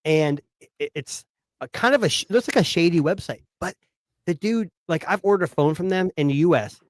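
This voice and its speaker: A man in his thirties chatting casually about tech, his voice a bit high for a man. He rambles and leans on "like" and restarts as he talks. The sound is dry and close. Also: expressive, brisk, dry recording. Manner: rambling, filler-heavy storytelling.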